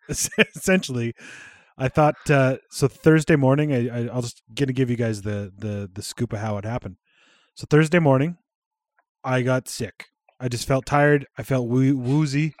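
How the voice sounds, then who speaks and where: A man's voice: medium pitch, a little mellow, dry recording, studio quality. A man hosting a comedic podcast, telling rambling stories, laughing often and joking crudely. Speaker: podcast host. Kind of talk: casual comedic podcast chat.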